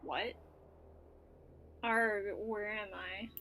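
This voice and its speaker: A woman's voice: medium pitch, steady tone, extremely slow, bright, forceful tone, slight background noise. A woman playing a story game, reading its narration aloud and reacting casually, with filler words and swearing. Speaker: let's play gamer.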